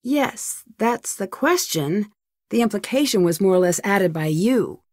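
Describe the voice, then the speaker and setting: An actress playing a calm, inquisitive young female detective in a video game, asking steady, polite, probing questions. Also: medium pitch, measured pace, no echo, clean studio sound.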